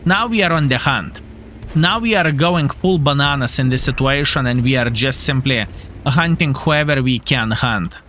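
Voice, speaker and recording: A man's voice: medium pitch, normal speed, sharp tone, a little hiss or hum. A young man giving playful, jokey live commentary on his tank battle, calling his viewers fellas. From Lithuania. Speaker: gaming streamer.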